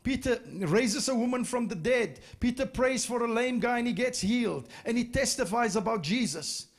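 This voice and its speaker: A man's voice: very high voice, moderate pace. A man preaching a sermon, retelling stories with emphatic, repeated phrases. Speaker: pastor. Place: church.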